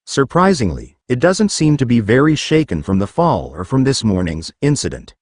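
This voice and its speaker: A man reads a fan-made story aloud in a casual first-person voice, sometimes reading out the punctuation itself. His pitch moves around a lot, and the sound is close and dry with no room. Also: sing-song, normal speed, hardly any pauses, no room sound. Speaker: fan fiction reader.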